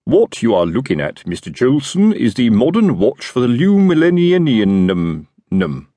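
A pompous, chatty city watch sergeant explains things with great self-importance, as a man puts him on. His delivery is lively and swoops up and down, with a slightly husky edge. The recording is dry and close. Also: medium pitch, measured pace, no room sound, pitched above the performer's own voice.

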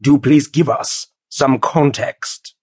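A man's voice: medium pitch, fairly even intonation, takes it slowly, darkish tone, breathy edge, no echo, clean studio sound, pitched above the performer's own voice, exaggerated voice. A man voicing a stern, easily enraged male judge who barks and growls in an audiobook. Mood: snarling. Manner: barking, growling. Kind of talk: audiobook character voice.

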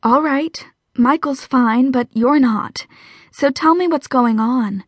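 A woman's voice: high-pitched, takes it slowly, no echo. A woman narrator voicing a determined young mother with a wry edge.

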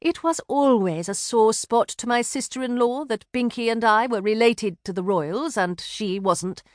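A woman narrating an audiobook in an expressive first-person telling, close to a studio mic. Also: a little high, measured pace, dry recording. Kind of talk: scripted narration.

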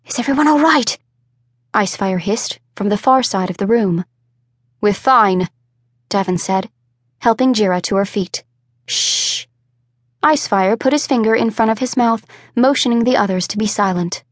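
Measured woman audiobook narrator. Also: medium pitch, no room sound, studio quality. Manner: measured, expressive. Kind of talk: scripted narration.

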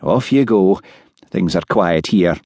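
A man voicing an easygoing, shrewd Highland village policeman who talks calmly and wryly. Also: slow, dry recording, exaggerated voice.

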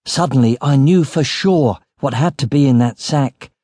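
Brief: man, mid-pitched, steady audiobook narration, close dry mic. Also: moderate pace, no room sound. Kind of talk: scripted narration.

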